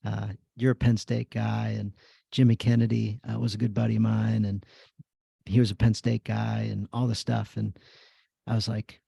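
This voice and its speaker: Gravelly low-voiced man telling stories. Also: level tone, moderate pace, dark tone, no echo. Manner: rambling storytelling, many "you know" fillers. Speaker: podcast host. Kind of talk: casual chat.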